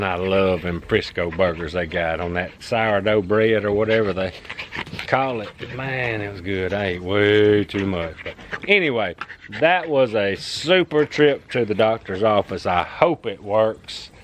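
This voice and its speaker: A man, talking casually to camera about his farm work in a plain-spoken, folksy way. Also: lowish voice. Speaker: farmer vlogger. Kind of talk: casual vlog talk to camera. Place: in a truck on rural roads. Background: car and engine noise.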